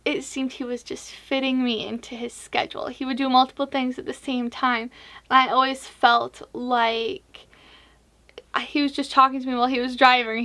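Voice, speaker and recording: A young woman with a notably high, light voice talks straight to her viewers in a casual vlog. She is earnest and frank, and pokes fun at her own past mistakes. Her advice comes with animated emphasis. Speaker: vlog host. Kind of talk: casual faith-based advice talk.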